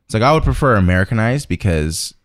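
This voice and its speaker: Lively deep-voiced man ranting jokingly. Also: fast, dry recording, studio quality. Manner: joking, animated, profane. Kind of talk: casual chat.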